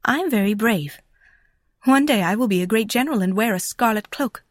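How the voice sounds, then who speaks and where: An earnest, boastful young boy, played by a woman talks himself up in a higher, quicker voice. He sounds breathy. The sound is close and dry. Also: lively intonation, no echo. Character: brave earnest young boy, would-be general.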